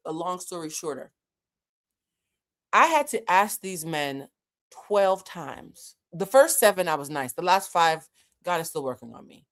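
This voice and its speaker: Animated woman telling a storytime vlog. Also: lowish voice, unhurried. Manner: animated, exasperated storytelling with acted-out quotes. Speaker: emotional intelligence coach.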